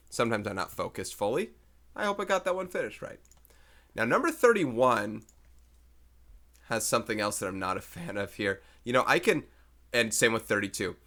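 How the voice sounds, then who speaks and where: Chatty math teacher with a bright voice. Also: male voice, medium pitch. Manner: chatty, thinks aloud while solving problems. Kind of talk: recorded math lecture, working problems aloud.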